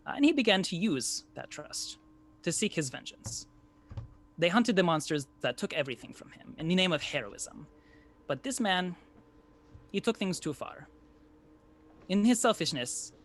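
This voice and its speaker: A man voicing a grandiose male traveling storyteller with a Sicilian Italian accent, reading a written tale aloud in a solemn, measured way. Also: on the high side, very animated, a bit bright, exaggerated voice.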